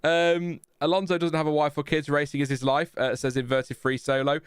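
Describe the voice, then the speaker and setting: A man's voice: a little high, level tone, fairly quick, clean tone, no echo, studio quality. A man hosting a live stream, reading out chat messages in a rambling, self-mocking way with many fillers. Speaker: podcast host reading chat.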